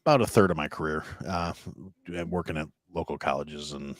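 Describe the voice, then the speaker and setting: A man's voice: a bass voice, brisk, no echo. A man from Illinois, a chef guest on a podcast, telling stories in casual chat and acting out quoted lines. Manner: storytelling, acts out loud quotes.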